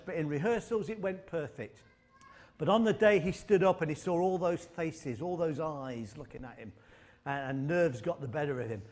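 A man preaching with a slightly raised pitch. He mixes light humorous anecdotes with emphatic, repeated lines, and his delivery rises and falls in emphasis. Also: a little mellow. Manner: storytelling with humor and emphatic repetition. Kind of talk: sermon.

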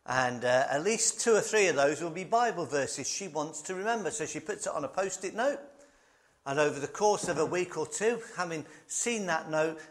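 A man's voice: on the high side, a bit bright. A man preaching a sermon, emphatic and conversational, fond of repetition and light asides.

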